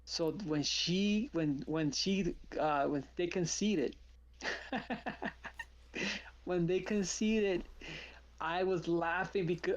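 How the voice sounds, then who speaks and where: A man's voice: high voice, dull audio. A man hosting a live trading stream, chatting casually and telling stories with acted-out quotes. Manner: animated storyteller, acts out quotes.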